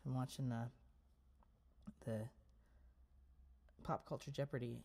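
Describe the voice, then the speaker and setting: A man's voice: medium pitch, fairly even intonation, slow pace, darkish tone. A man hosting a casual home livestream, chatting playfully in rambling asides between a cappella songs. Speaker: livestream host.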